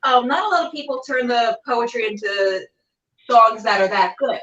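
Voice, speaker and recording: A woman's voice: fairly high pitch, normal speed, fairly bright tone. A woman hosting a casual interview over a video call, bubbly and exclamatory with loose fillers. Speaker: podcast host. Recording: roomy, distant, dull video-call audio.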